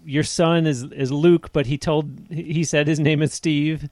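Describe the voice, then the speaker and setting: A man's voice: fairly high pitch, level tone, unhurried, darkish tone, no room sound, clean studio sound. A male podcast host interviewing a guest on location and reading out a plug for the guest's work.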